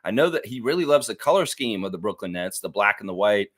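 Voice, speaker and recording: A man's voice: fairly low pitch, expressive, fast, fairly bright tone. A man hosting a live-stream sports show, ranting heatedly and profanely and repeating lines for emphasis.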